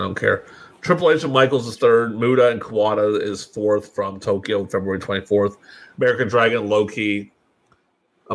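A man co-hosting a casual chat show, blunt and profane, who swings between mumbled asides and loud outbursts. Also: lowish voice. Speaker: podcast co-host.

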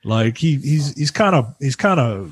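A man co-hosting a podcast in casual chat, halting and full of restarts. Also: mid-range voice, animated, breathy edge, no echo. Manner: halting, many restarts and fillers. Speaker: podcast co-host.

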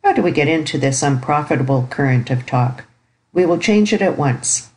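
A woman reading the part of a stern, ironic elderly uncle in an audiobook, speaking gravely and precisely. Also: low voice, lively intonation, moderate pace, darkish tone, low-quality recording. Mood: dry.

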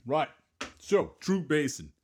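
A man's voice: fairly high pitch, big pitch swings, slow pace, a little mellow, slightly rough. A man hosting a comedy podcast, rambling and scatterbrained, with frequent self-mocking asides. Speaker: host. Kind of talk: improvised comedy monologue.

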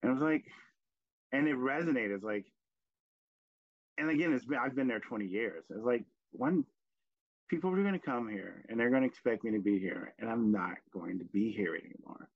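A man's voice: mid-range voice, expressive, moderate pace, dry recording. Guy hosting a chill podcast, reflective stories, dry muffled lo-fi sound. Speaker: podcast host. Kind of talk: casual chat.

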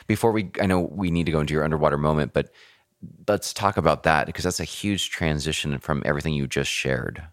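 Very deep-voiced male interviewer. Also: fast talker, dry recording, clean studio sound. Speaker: interviewer, host. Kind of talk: conversational interview questions.

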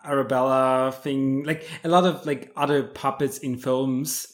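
A man on a podcast, chatting casually about a film and telling the story in an animated, amused way with many restarts. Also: mid-range voice, a little slow. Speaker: podcast guest discussing films.

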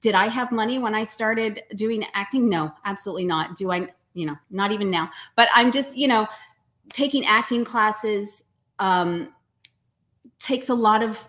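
A woman's voice: medium pitch, normal speed, fairly bright tone. A woman in her forties, a guest actor in a casual interview, talking with upbeat emphasis and easy laughs.

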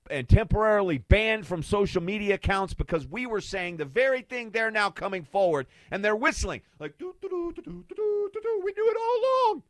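A man's voice: a little high, dry recording. A man hosting a talk radio show, delivering an impassioned, rhetorical monologue and hammering home his points with repeated questions from a studio microphone.

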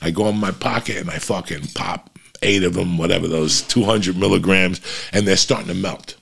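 A middle-aged man hosting a show, telling a story in casual, profane, animated chat to his listeners. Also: deep voice, moderate pace, creaky, husky. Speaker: podcast host.

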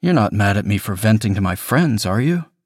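A man's voice: fairly low pitch, expressive, fairly quick, no room sound, clean studio sound. A man voicing a manipulative, decaying young boyfriend who talks in a smothering, coaxing way.

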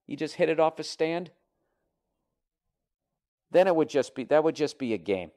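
A man hosting a comedy podcast, ranting with heavy swearing and swinging between loud outbursts and muttered asides. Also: on the high side, lively intonation, normal speed, pauses often. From United States. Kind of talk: ranting comedy podcast, reading listener emails.

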